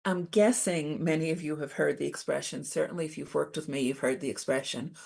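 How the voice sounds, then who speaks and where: Low, gravelly woman presenting on stress. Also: fairly quick. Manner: calm, validating, explains step by step. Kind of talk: talk on stress and coping.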